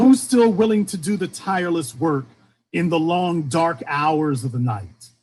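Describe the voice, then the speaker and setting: Husky, animated Southern-born man preaching. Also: fairly high pitch, a little slow. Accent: faint Southern US. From Shreveport, Louisiana, US. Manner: rhetorical, repeating questions, rising and falling emphasis. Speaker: commentator. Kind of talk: impassioned streamed monologue.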